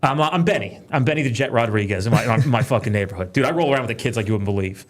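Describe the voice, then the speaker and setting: A man talking in a casual podcast chat, profane and quick, telling animated stories about his kids and work. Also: mid-range voice. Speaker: podcast guest, police trainer.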